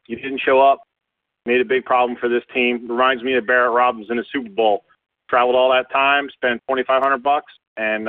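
A man's voice: medium pitch, dry recording. A resigned male caller speaks in a casual way. He sounds far off on a tinny, dry phone line. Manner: resigned, casual, uses uh fillers. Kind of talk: fan call-in commentary.

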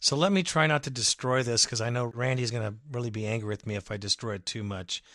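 Man, fan podcast host, forceful bright voice, dry close mic, emphatic sarcastic rant. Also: medium pitch, fairly even intonation, quick pace, no echo. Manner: emphatic, rallying, sarcastic rant with sudden loud bursts. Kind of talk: fired-up fan podcast monologue.

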